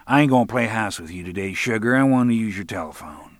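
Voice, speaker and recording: A man's voice: lowish voice, lively intonation, fast, no room sound, studio quality, voice pushed up, natural voice. A man playing a crude, menacing middle-aged man in an audiobook, blunt and slangy. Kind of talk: audiobook narration.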